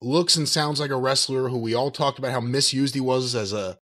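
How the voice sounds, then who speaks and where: A man's voice: mid-range voice, a little fast, fairly bright tone. A man co-hosting a podcast, chatting casually and critically in a wry way. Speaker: podcast co-host. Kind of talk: casual chat.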